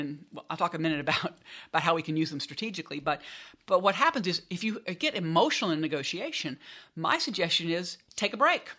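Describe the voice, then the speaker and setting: This time the woman speaks at a medium pitch, bright and forceful. She's a business school professor being interviewed, and her conversational explanation of her research is full of self-corrections as she keeps restarting lines.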